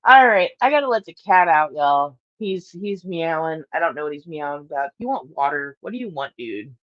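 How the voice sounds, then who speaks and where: A woman's voice: sits low, animated, a little fast, dry recording. Chatty woman on a muffled livestream. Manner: rambling, chatty, laughs often, talks to her cat. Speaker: livestream host. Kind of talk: casual morning livestream chat. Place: at home, in her bedroom.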